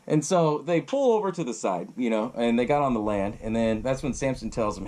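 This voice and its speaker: A man's voice: medium pitch, very animated, brisk, hardly any pauses, a little mellow. A man hosting a podcast, casually retelling a horror film and swearing freely while he laughs along. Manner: loose, profane, laughing often. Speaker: podcast host.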